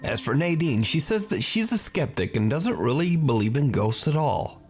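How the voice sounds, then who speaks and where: A man narrates a scripted story with suspense, his pitch rising and falling widely as he builds tension. Loud music runs under his voice throughout. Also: very animated, moderate pace, slightly rough.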